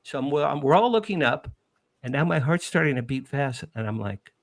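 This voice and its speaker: A middle-aged man from New Jersey, a podcast guest, telling an emotional first-person story with animated, emphatic repetition. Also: medium pitch, brisk, no room sound.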